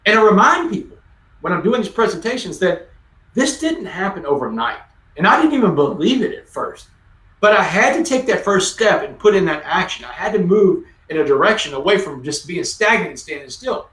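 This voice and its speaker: A man's voice: high voice, big pitch swings, a little fast, a bit bright, reverberant. Man in his forties, emphatic storyteller, video-call audio from a distance. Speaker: guest speaker. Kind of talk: conversational storytelling.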